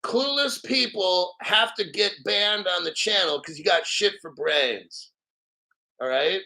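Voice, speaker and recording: A middle-aged man hosts a crypto livestream in an angry rant, swearing freely and mocking viewers. His voice sits high for a man and rings bright and tense. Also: slow. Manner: profane, combative, mocking viewers. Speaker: crypto channel host.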